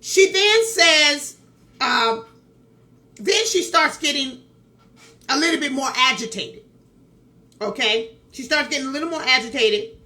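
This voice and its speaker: A woman's voice: sits high, lively intonation, unhurried, long pauses, bright, forceful tone. A woman vlogger telling a story in casual commentary, emphatic, repeating phrases and talking straight to her viewers. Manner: talks straight to viewers with asides.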